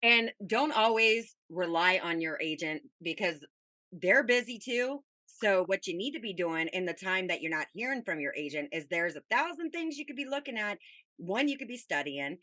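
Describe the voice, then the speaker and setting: A woman's voice: medium pitch, expressive, moderate pace, pushed and bright, dry recording. A woman, the host and company head, giving blunt, emphatic career advice in a casual interview. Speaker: production company CEO, host.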